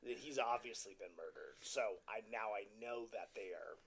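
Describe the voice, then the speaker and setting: A man's voice: on the low side, fairly bright tone, slight background noise. A man co-hosting a casual movie podcast, walking through the plot in a conversational way and mimicking characters' back-and-forth. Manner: conversational, explains plot, mimics dialogue in quick exchanges. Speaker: podcast co-host. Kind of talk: casual movie commentary chat.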